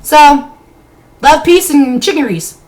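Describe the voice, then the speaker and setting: A woman's voice: sits high, lively intonation, slow, background noise. A woman live-streaming from her bedroom, ranting bluntly and heatedly with a lot of swearing. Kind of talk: unscripted live-stream rant.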